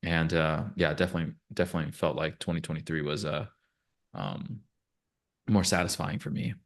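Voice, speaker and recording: A man co-hosting a casual sports podcast, relaxed and hesitant with frequent fillers. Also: a bass voice, fairly quick, gravelly. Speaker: podcast co-host.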